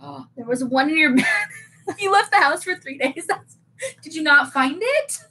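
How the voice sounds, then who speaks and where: A woman's voice: high-pitched, moderate pace. A young woman co-hosting a live podcast, chatting animatedly and reading out viewer comments. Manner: animated, exclaims and reads viewer comments aloud. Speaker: podcast co-host. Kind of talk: casual chat.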